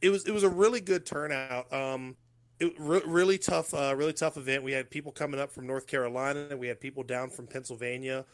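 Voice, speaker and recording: Joking American man hosting a podcast. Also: mid-range voice. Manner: joking, loose, talks in quick bursts. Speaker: podcast host. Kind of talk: casual podcast chat.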